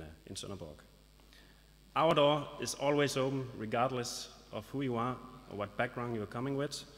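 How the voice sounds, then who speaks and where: A man delivers a formal ceremony speech from a stage microphone, announcing in a measured way and slipping in the odd dry joke. His voice sits at an ordinary pitch for a man. A long reverb trails each phrase, as in a large hall. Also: fairly bright tone. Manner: formal, lightly joking, announcing. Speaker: business association representative.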